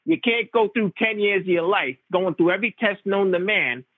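Man doing an excitable, insistent Long Island family doctor, pitched up high, heard over a dry phone-like line. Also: normal speed, dry recording. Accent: Long Island New York. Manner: insistent, emphatic, repeats his point. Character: blunt excitable older male family doctor.

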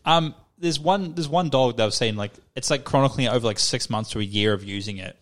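A man's voice: mid-range voice, fairly quick. A young man co-hosting a podcast in casual chat, rambling and swearing, with lots of filler words. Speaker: podcast co-host.

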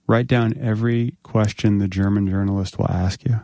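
Man, gravelly voice, low pitch, rambling interviewer. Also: steady tone, moderate pace, mellow, dry recording, clean studio sound. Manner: rambling questions, laughs often. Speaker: podcast interviewer. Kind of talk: casual podcast interview.

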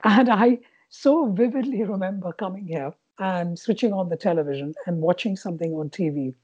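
A woman's voice: lowish voice, normal speed, breathy edge, muffled recording. Middle-aged Indian woman with a Bengali-influenced accent. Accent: Bengali-influenced Indian English. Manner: animated, laughing, with frequent restarts. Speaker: guest. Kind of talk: reflective storytelling.

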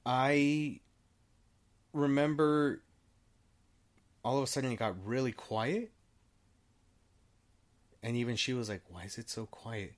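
Man, casual storytelling, middle pitch, rambling, restarts a lot, swears freely, acts out quoted dialogue. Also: takes it slowly, long pauses. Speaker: storyteller guest.

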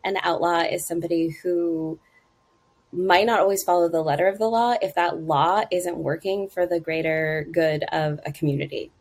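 A middle-aged woman talking about her consulting work in a casual interview, with an animated way of leaping up in pitch for emphasis. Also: moderate pace. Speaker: guest, marketing consultant.

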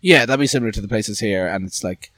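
A man's voice: on the low side, fast, a bit bright, dry recording. A man hosting a podcast, rambling and self-mocking in casual chat. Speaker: podcast host. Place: outdoor festival grounds in later part.

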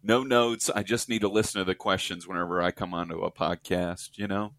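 A man's voice: low voice, steady tone, fairly quick, a bit bright, no echo. A man guesting on a comedy podcast, talking in a laid-back, playful, supportive way. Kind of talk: casual comedic interview.

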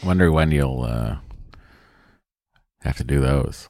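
A man's voice: extremely low pitch, takes it slowly, gravelly, darkish tone, no echo, clean studio sound. A man co-hosting a podcast, chatting casually and joking, rambling with fillers. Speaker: podcast co-host. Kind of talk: casual chat.

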